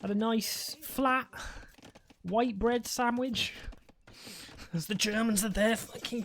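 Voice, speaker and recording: A man's voice: extremely high pitch, slow pace, long pauses, a bit bright, a little hiss or hum. Rambling British man casting games. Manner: rambling, jokey, self-interrupting. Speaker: esports caster. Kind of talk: live game commentary.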